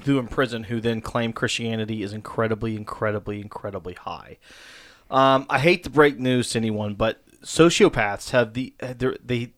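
A man's voice: medium pitch, fairly bright tone. A man co-hosting a podcast in casual chat, joking and blunt about hard truths. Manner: joking, self-deprecating, blunt. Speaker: podcast co-host and preacher.

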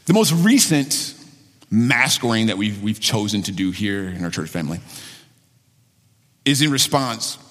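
A man's voice: on the low side, big pitch swings, a little slow, pauses often, fairly bright tone. Man preaching a sermon, earnest, keeps restarting his sentences, big echoey church sound. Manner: earnest, repeats phrases with many restarts. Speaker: pastor. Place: church sanctuary. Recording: long hall reverb.

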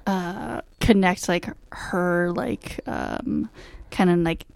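A woman's voice: on the low side, very slow, vocal fry, darkish tone, no echo, studio quality. A woman co-hosting a casual movie chat, blunt and teasing, rambling a little. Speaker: podcast co-host.

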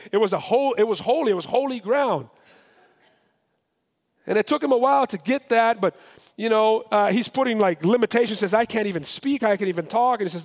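High-voiced animated preacher in a hall. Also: male voice. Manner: animated, acts out scripture dialogue with rising emphasis. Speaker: pastor. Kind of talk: sermon. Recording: long hall reverb.

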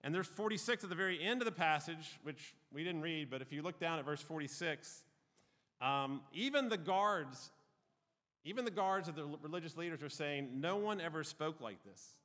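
A man's voice: fairly high pitch, expressive, moderate pace, pushed and bright. A man giving an informal, conversational Bible teaching, with frequent ums and uhs. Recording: reverberant hall.

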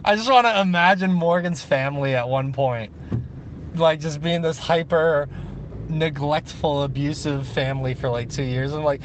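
A man with a high voice leaving casual voice messages, crude and excitable and full of swearing. Faint background noise sits under his voice. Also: moderate pace. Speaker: podcast co-host.

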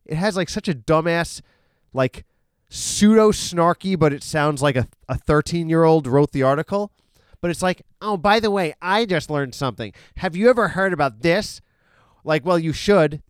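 A man's voice: fairly high pitch, clean tone, no echo, studio quality. Rambling man hosting a solo podcast. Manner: rambling, full of fillers and self-corrections, profane. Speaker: podcast host. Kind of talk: casual solo podcast monologue. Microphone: studio podcast microphone.

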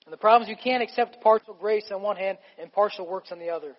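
A man's voice: sits high, quick pace, in a large hall, muffled recording. A man preaching a sermon as a pastor, emphatic and conversational, asking the congregation rhetorical questions.

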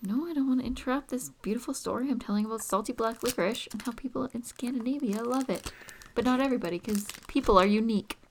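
A woman's voice: fairly high pitch, quick pace, a little hiss or hum. A woman co-hosting a podcast in casual chat, talking into a podcast microphone in a chatty, rambling, self-deprecating way. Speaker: podcast co-host.

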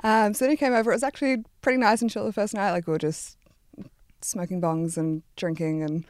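A young woman, telling a chaotic dating story on a podcast, fast and laughing at herself. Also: mid-range voice, steady tone, no room sound, studio quality. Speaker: podcast guest. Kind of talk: casual storytelling chat.

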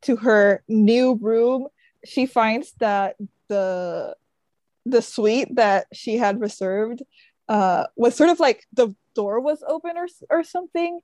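A woman with a slightly high voice talks slowly through a book's plot, padding her sentences with "like" and "sort of". The sound is dry and close, with no room around it. She talks in an easy, unhurried podcast chat. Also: darkish tone, no echo. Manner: chatty, frequent fillers like "sort of" and "like". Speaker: podcast co-host. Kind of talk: casual book chat.

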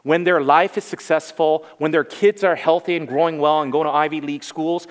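A man's voice: a little high, steady tone, brisk. A man in his forties preaching a sermon as pastor, earnest and emphatic, repeating key phrases. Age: 40s. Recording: reverberant hall.

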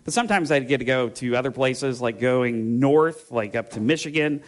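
A male pastor with a medium-pitched voice speaks at normal speed through a conversational sermon. He rambles casually through personal stories, full of fillers, restarts, and self-interruptions, before turning to scripture.

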